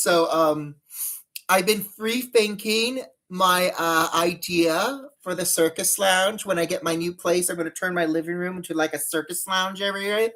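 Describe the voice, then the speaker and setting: A woman's voice: on the low side, measured pace, a bit bright. A woman chatting casually on a live stream while doing her makeup, rambling and greeting viewers by name.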